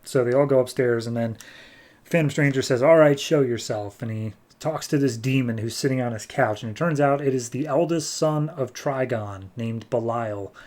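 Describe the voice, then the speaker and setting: A man's voice: medium pitch, moderate pace, darkish tone. Chatty man recapping comics. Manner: chatty, jokey, acts out scenes. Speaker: comic book podcast host.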